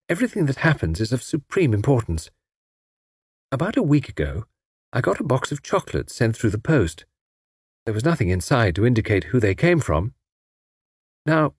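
A man reading an audiobook, voicing a polite, nervous young country woman telling her story, in a slightly husky voice. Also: mid-range voice, dry recording, clean studio sound. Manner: polite, earnest, hesitant. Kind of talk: audiobook character voice.

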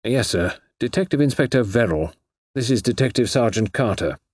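A man voicing a small, quiet police inspector who speaks formally and civilly, in a husky voice. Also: mid-range voice, lively intonation, moderate pace, no echo, pitched above the performer's own voice.

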